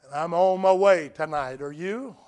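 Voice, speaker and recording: Male preacher, high voice, storytelling sermon that drops to a hush and climbs to loud appeals. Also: moderate pace. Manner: dramatic swings from hushed to loud.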